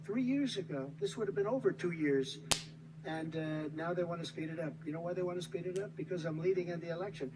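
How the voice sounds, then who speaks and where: Man in his 70s, American accent, campaign rally speech, fairly high-pitched, repetitive and emphatic, faint background noise. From United States. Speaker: politician.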